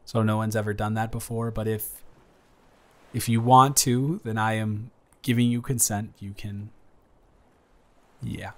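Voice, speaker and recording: A young man playing his best friend's earnest older brother in an improvised romantic audio roleplay, speaking haltingly with many restarts. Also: lowish voice, steady tone, fairly bright tone. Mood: shy. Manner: halting, hesitant, frequent restarts.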